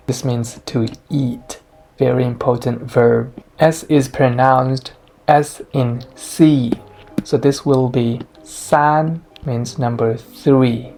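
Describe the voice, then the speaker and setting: A man teaching a beginner language lesson, saying each sound loudly and drawn out, then explaining it quietly. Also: mid-range voice, fairly even intonation, takes it slowly, gravelly. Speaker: Chinese teacher. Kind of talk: slow, deliberate pronunciation lesson. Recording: soft music underneath.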